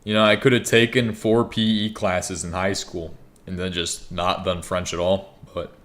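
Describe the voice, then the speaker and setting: A man's voice: low-pitched, flat delivery, moderate pace, fairly bright tone. A young man giving rambling, joking gameplay commentary, swearing freely. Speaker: gaming YouTuber.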